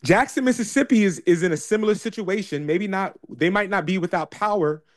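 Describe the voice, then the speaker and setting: A man with a somewhat high voice speaks in a rambling monologue. He often trails off into fillers, then gathers force through repeated, pointed questions. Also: brisk. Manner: hesitant, many fillers, building to emphatic repetition. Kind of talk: casual monologue.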